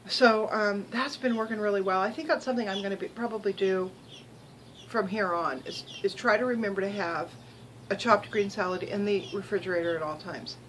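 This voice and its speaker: Older woman, casual vlogger, bright rambling chat, faint hum behind. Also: mid-range voice, fairly quick, poor audio. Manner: rambling, chatty, many ums and restarts. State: chewing while talking.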